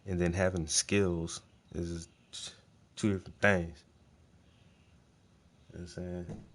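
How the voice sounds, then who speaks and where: A man with a low, deep voice talks in a loose, casual monologue. He is blunt and swears constantly, circling back on words to hammer a point home. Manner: profane, blunt, emphatic, repeats words. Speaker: host.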